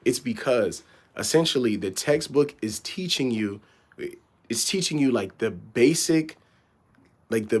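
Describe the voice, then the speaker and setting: Relaxed young male vlogger, chatty and rambling, mid-range voice. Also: medium pitch. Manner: rambling, lots of fillers and repeats. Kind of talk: casual advice chat.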